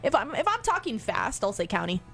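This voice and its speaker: A woman co-hosting a casual radio show, playful and quick to laugh. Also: on the high side, sing-song, vocal fry, a bit bright, soft background music. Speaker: radio co-host.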